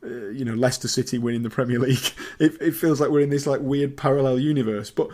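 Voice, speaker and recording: A man co-hosting a casual podcast, chatty and jokey, getting loud when excited. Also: medium pitch, quick pace. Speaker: podcast co-host. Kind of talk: casual chat.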